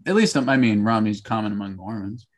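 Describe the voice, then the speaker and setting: A man co-hosting a casual sports betting chat, answering in short, dry, laid-back remarks. His voice sits on the lower side. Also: animated, fast, a crowd in the background. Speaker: podcast co-host.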